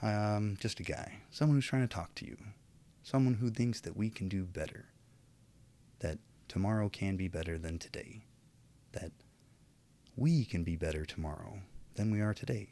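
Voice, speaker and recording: Low-voiced rambling preachy man. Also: lively intonation, moderate pace, pauses often. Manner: rambling, preachy, self-aware, frequent trailing asides. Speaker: vlogger. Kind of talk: casual opinion monologue.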